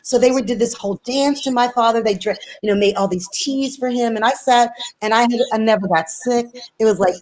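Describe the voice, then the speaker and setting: A woman's voice: a little high, fairly quick, hardly any pauses, poor audio. A woman guest on a video call, speaking earnestly and telling a personal story with many restarts. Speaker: interview guest, singer. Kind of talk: casual conversation.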